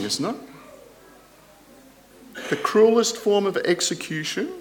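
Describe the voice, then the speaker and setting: A man preaching a sermon in an earnest, deliberate way, rising loud on quoted scripture and dropping soft at the ends of phrases, with rhetorical questions. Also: on the high side, a little hiss or hum.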